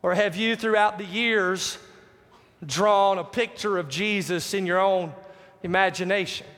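A man's voice: high voice, steady tone, unhurried, fairly bright tone. A man preaching a sermon, emphatic, repeating key phrases and putting questions to the congregation. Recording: long hall reverb.

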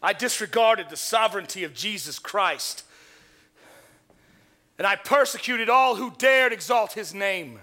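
An actor as Saul, a fervent persecutor turned penitent, telling his story in a high, bright voice. His delivery swings widely, solemn and then swelling, like a stage drama monologue. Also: expressive, a little slow, exaggerated voice. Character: Saul, a zealous man recounting his conversion.

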